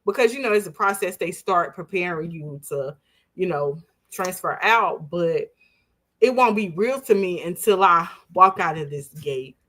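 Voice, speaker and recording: A woman's voice: fairly low pitch, a little slow. A woman in her forties, an interview guest, telling a personal story with animation and acting out the voices of others. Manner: animated, acts out quoted voices, laughs while telling.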